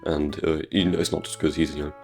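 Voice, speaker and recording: British man, extremely deep voice, comedic gameplay commentary, crude sarcastic jokes, faint guitar music behind. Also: flat delivery, fast talker, creaky, darkish tone. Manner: crude, sarcastic jokey rambling. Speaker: gaming YouTuber.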